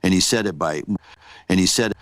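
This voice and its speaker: A man's voice: low-pitched, brisk, no echo. An older man, a comedian, rambling and repeating himself in talk show banter.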